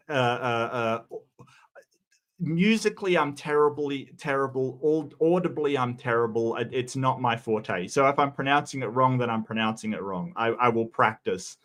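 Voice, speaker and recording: A man's voice: medium pitch, fairly bright tone. Stammering Australian man, casual commentary. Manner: halting, stammers and repeats words. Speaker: commentary host.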